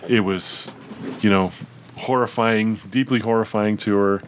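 Low-voiced man in easygoing film chat. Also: fairly even intonation, unhurried. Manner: easygoing, lots of agreeing fillers. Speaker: podcast co-host. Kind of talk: casual chat about a film.

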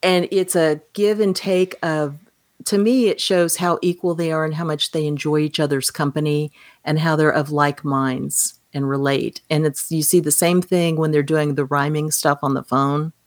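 A woman with a low voice, recorded dry and close. She talks through a film in relaxed podcast chat, lively, and slips into the characters' voices when she quotes them. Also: moderate pace, no echo. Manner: animated, acts out quoted lines. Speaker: podcast co-host. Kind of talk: casual film discussion.

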